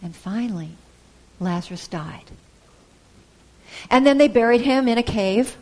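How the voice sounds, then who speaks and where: A woman preacher giving a sermon, retelling a gospel story with soft pauses and the odd hesitation. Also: a little high, expressive, a little hiss or hum.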